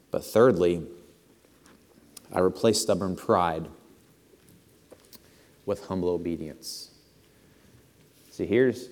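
Man preaching a sermon in a reverberant church. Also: low voice. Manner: earnest, rising to animated emphasis. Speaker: pastor. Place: church sanctuary.

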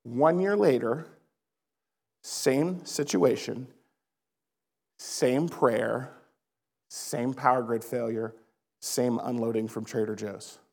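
Man, 30s, pastor; storytelling sermon, gravelly voice, big hall echo. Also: mid-range voice, takes it slowly, pauses often. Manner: storytelling, animated, addresses listeners as guys. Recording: long reverb of a hall.

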